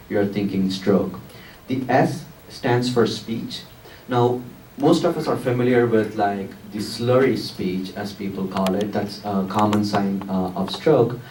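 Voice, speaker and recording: A man's voice: lowish voice, darkish tone. A man, a stroke doctor, explaining patiently to an audience with many fillers. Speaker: stroke doctor answering questions. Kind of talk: explanatory talk at a public event. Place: large room with an audience. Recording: echoey room, mic far off, faint noise.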